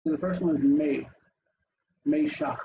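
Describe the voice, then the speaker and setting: A man's voice: fairly high pitch, normal speed, vocal fry, lo-fi sound, slight background noise. A man leading an online language class over a video call, calling on students by name and thinking aloud as he explains. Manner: animated, asks students in turn, thinks aloud. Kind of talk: interactive online language lesson.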